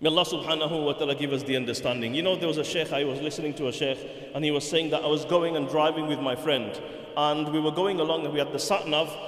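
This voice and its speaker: A man preaching a sermon, telling a story with animated swings between loud and hushed. His voice sits a little high for a man. A long hall reverb hangs around each phrase. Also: fast. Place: mosque hall. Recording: echoey hall.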